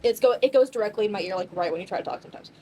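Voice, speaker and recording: A woman's voice: mid-range voice, rapid-fire, dark tone, natural voice, rough recording. A reluctant man dodges hard questions and begs to drop the subject, as a woman plays him. There is faint noise behind the voice. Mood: evasive. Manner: evasive, pleading. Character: evasive man, Cyrus.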